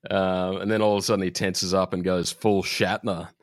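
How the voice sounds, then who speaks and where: A man's voice: low-pitched, flat delivery, moderate pace, dry recording. A man co-hosting a podcast, recapping an episode in a laid-back way with dry jokes. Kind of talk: casual chat.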